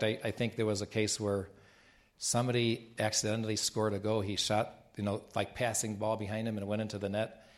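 A man who is a Catholic bishop, telling rambling travel stories in a casual talk with frequent restarts. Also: fairly low pitch. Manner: rambling anecdotes with laughs and restarts.

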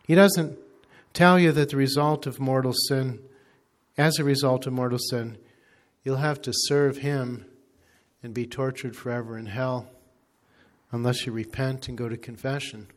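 A man, a priest, preaching a sermon in a deliberate, emphatic way. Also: mid-range voice, fairly even intonation.

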